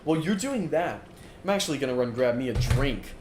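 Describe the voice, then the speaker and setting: A young man streams a game while standing in a dorm-style room, rambling casually with plenty of fillers as he plays and reads chat aloud. His medium-pitched voice is animated and a little fast. The recording has a roomy echo and faint room noise.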